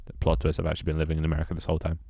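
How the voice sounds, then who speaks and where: A young man with a British accent talks loosely and wryly as he works through tasks on his game. His voice sits low, and the sound is dry and close, with no room echo. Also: monotone, very fast, gravelly, warm tone. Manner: rambling, wry, self-mocking. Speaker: game developer streamer. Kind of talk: casual live-stream chat while working.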